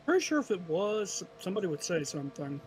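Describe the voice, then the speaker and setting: A man taking part in a tabletop game, chatting with the other players between turns. His voice sits a bit high for a man, and his remarks come out dry and offhand, with faint noise underneath. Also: big pitch swings, quick pace. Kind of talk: casual chat during a tabletop game.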